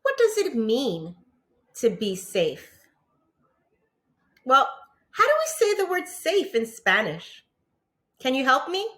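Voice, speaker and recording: A woman teacher with a New York accent giving a patient lesson to young children, pausing for answers and praising them often. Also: sits high, sharp tone. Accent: New York English. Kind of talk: slow, encouraging classroom lesson for young children.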